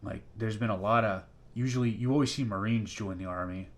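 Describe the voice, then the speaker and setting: A man's voice: on the low side, brisk. A man hosting a casual interview, a former soldier who talks bluntly and swears emphatically.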